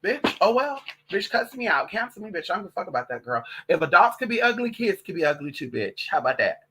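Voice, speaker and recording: A woman's voice: on the low side, quick pace, husky. Sassy, profane transgender woman vlogger. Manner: sassy, profane, calls listeners honey and girl; animated gossipy storytelling. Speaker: vlogger and witch. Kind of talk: casual vlog monologue.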